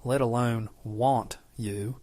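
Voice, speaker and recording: A man voicing a guarded, gruff young male shapeshifter in an audiobook, speaking in curt growls. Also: medium pitch, steady tone, takes it slowly, a little mellow, dry recording, lightly acted. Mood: gruff, tense.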